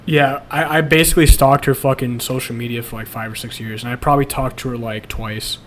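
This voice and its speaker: A man's voice: medium pitch, steady tone, brisk, slight background noise. A young man streaming, chatting casually and bluntly about his past, swearing a lot and laughing at himself. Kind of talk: casual confessional chat.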